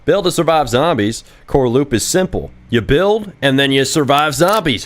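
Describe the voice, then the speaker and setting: A young man live-streaming while he builds games, chatting casually in a brash, profane, excitable way and answering viewer questions. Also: mid-range voice, moderate pace, few pauses. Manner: reads viewer chat questions aloud and answers. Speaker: game developer streaming live. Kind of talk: casual livestream chat while coding.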